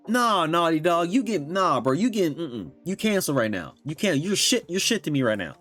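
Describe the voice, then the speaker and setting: A man's voice: high voice, sing-song, normal speed, few pauses, fairly bright tone, faint music behind. A young man ranting heatedly about games, swearing and talking in slang. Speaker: gaming commentator. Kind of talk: angry reaction rant.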